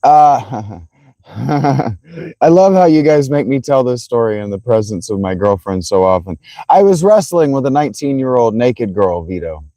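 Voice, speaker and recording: Hoarse, laughing man streaming outdoors. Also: medium pitch, a little slow, no room sound. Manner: laughs often, swears, excitable. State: strained, worn voice. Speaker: livestreamer. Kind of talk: casual livestream chat. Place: outdoors by a fountain.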